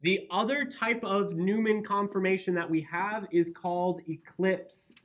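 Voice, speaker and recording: A man's voice: sits high, moderate pace, fairly bright tone. Man, Midwestern accent, classroom lecture, checks in with students, echoey room. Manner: explains step by step, checks in with students. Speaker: chemistry teacher. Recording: roomy, dull lo-fi classroom recording.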